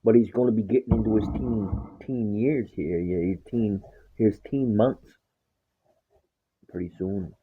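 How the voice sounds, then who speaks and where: In a lowish, steady, unhurried voice with a little hiss or hum behind it, a man chats about his dog. His casual story is full of swearing, and he acts out his words to the dog, all captured with a tinny, phone-like sound.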